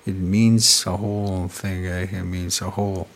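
A man from Canada telling traditional star stories in an unhurried, conversational way, often tagging his phrases with "eh?". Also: deep voice, little pitch movement. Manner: unhurried, repetitive, ends phrases with "eh?". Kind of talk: casual storytelling conversation.

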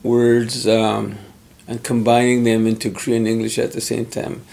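Brief: middle-aged man, gravelly, unhurried, thoughtful interviewee. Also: medium pitch, completely flat delivery, dark tone. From Pimicikamak Cree Nation, Canada. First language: Cree. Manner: measured, thoughtful, pauses often to find words. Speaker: interviewee, former Cree teacher. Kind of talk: conversational interview.

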